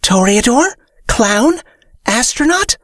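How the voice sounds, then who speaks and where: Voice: mid-range voice, lively intonation, no echo, studio quality, pitched above the performer's own voice, lightly acted. A reader voicing a chirpy female fairy who fires off eager guesses. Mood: bubbly. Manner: bubbly, rapid-fire guessing.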